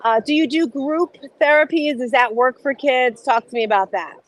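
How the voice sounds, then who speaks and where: A woman's voice: sits high, normal speed, dry recording, low-quality recording. A woman hosting an interview, chatty and exclamatory as she asks her guest questions. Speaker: host. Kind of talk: casual interview talk.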